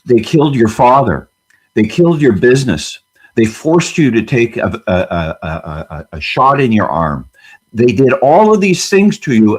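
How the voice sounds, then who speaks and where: A man's voice: mid-range voice, breathy edge. A man speaking as a guest on a panel discussion, fiery and emphatic, firing off rhetorical questions.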